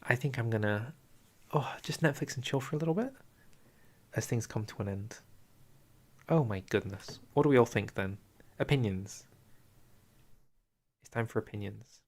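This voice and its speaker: A young man giving casual live-stream commentary on a strategy game, chatty and out of breath, answering viewers with quiet asides. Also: mid-range voice, moderate pace, long pauses. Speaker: streamer reviewing a strategy game dev diary.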